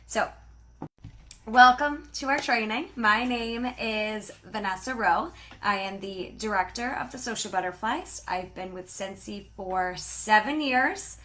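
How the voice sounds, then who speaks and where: A woman leading a live-streamed team training, bubbly and chatty, talking fast and greeting viewers by name. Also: mid-range voice, bright, forceful tone. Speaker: sales team director and trainer.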